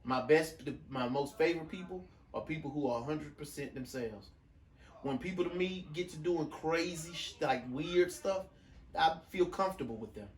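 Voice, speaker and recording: Rambling podcast man in an echoey room. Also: on the high side. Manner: rambling, restarts often, loose slang. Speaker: podcast co-host. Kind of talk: casual chat. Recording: echoey room, mic at a distance, faint room noise.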